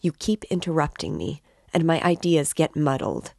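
A woman's voice: low-pitched, very animated, moderate pace, gravelly, darkish tone, no room sound, studio quality, heavily acted. A woman voicing a feverish, irritable young man who speaks in a broken voice.

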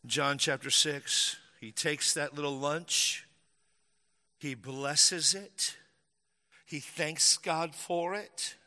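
Bright-voiced man preaching in a hall. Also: on the high side, very slow. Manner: lively storytelling, acts out quotes, jokes with the crowd. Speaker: pastor. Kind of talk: sermon. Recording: long hall reverb.

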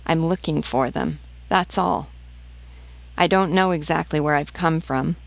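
A woman's voice: sits low, a little slow, vocal fry, no echo. Woman reading as a desperate peasant mother. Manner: pleading, insistent. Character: desperate peasant mother searching for stolen children.

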